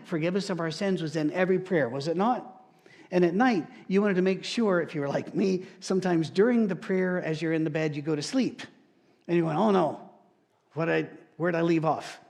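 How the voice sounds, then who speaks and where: A male pastor with a slightly high, somewhat mellow voice preaches a sermon full of strongly emphasized stories. He mock-quotes other people by shifting his voice.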